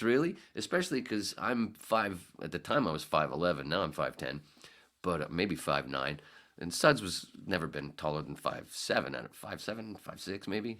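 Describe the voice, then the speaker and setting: A man's voice: low voice, very animated, moderate pace, a bit bright. A middle-aged man hosting a podcast, telling a rambling anecdote in casual storytelling style, correcting himself as he goes. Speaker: podcast host.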